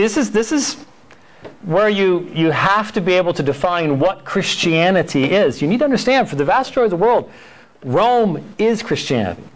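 A man's voice: high-pitched, rough recording. A man teaching a church history Sunday school class, talking conversationally with frequent fillers and restarts, sometimes acting out quoted dialogue. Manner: acts out quoted dialogue in storytelling.

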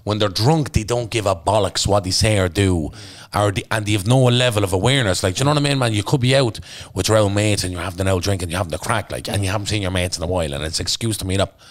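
A man's voice: fairly low pitch, fast, dry recording. A man with an Irish Traveller accent, a podcast guest and actor, telling stories in blunt, sweary casual chat. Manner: blunt, sweary, animated storytelling.

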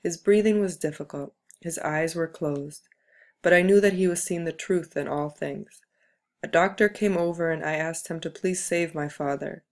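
Low-voiced woman reading a book aloud. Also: fairly even intonation, normal speed. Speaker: reader.

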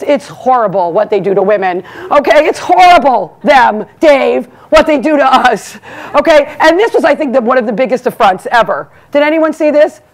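Brassy high-voiced woman comic. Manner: brassy, animated, self-mocking, bursts into loud rants. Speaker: comedian hosting an awards event. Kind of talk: stand-up monologue. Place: live event stage before an audience.

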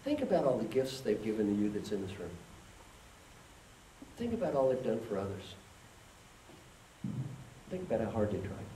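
A man's voice: fairly low pitch, big pitch swings, normal speed, pauses often, warm tone. A man giving a motivational keynote talk who leads the audience in call and response. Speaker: keynote speaker. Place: conference hall with an audience. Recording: echoey hall, distant mic, faint noise.

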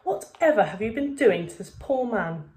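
A woman's voice: a little high, expressive, normal speed, darkish tone, echoey room, voice pushed up, close to an everyday voice. A woman voicing a fussy, old-fashioned female school teacher with prim speech.

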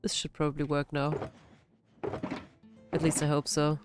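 A woman with a sick, hoarse voice, giving casual, self-deprecating commentary while playing a building game. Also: sits low, monotone, normal speed, over music. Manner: self-deprecating, frequent laughs. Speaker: gaming channel host. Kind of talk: casual let's-play commentary.

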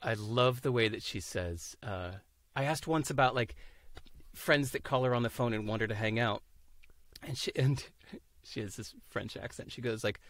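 A man in an easy podcast chat, lively and expressive, often slipping into voices for the people he quotes. His voice sits at a middle pitch. The sound is close and dry, with no room echo. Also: moderate pace. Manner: animated, acts out quoted voices, laughs often. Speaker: interview guest. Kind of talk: casual podcast conversation.

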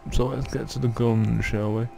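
A man doing a gravelly, bossy game instructor. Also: on the low side, measured pace. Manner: condescending, barking instructions. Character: gruff, bossy male tutorial instructor with a wandering mock Scottish accent.

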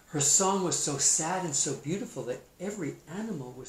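A man, a teacher, reading a storybook aloud in a playful, expressive way and adding his own comments on the story. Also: mid-range voice, fairly quick, hardly any pauses, a little hiss or hum. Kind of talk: storybook read-aloud with asides. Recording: roomy echo.

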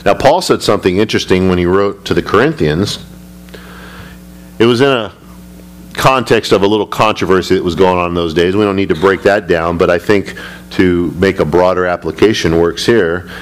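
Male pastor, low voice, emphatic bible teaching, faint hum behind. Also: moderate pace. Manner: emphatic, rising high when retelling scripture. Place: church sanctuary.

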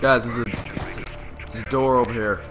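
A young man giving casual commentary while playing a video game, full of excited little exclamations. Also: medium pitch, normal speed. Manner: excitable, with lots of surprised exclamations. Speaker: gamer. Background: game music.

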